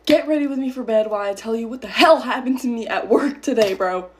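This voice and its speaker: A woman's voice: fairly high pitch, quick pace, slight background noise. A seventeen-year-old girl telling a heated story in a casual get-ready-with-me video, swearing often and restarting her sentences. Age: teens.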